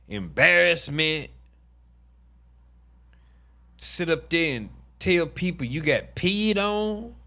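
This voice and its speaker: Man, vlog commentary host, tired, blunt and profane, animated swings in pitch. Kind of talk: reading and reacting to trial testimony.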